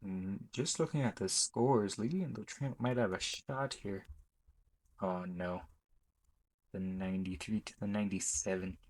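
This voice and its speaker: A young man chats his way through ranking films on his channel, casual and meandering, regularly correcting himself in the middle of sentences. His lowish voice is a little mellow and measured in pace, recorded in low quality.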